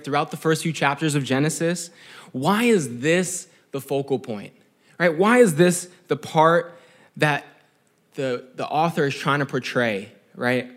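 A young male preacher with a high, light voice delivers a casual, conversational sermon. He sounds earnest and reflective and often checks in with his listeners. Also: fairly bright tone. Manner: conversational, keeps asking "right?".

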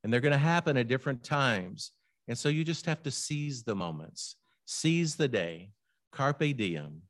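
An older man preaching a sermon in an unhurried, conversational way. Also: medium pitch, animated, a bit bright. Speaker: pastor.

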